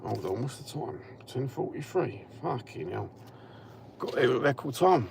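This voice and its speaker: Gravelly sweary Cockney man in a car. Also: medium pitch, lively intonation, normal speed. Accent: Cockney East London. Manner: rambling, blunt and sweary. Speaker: vlogger. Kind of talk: casual chat while driving. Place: inside a car. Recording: car noise behind the voice.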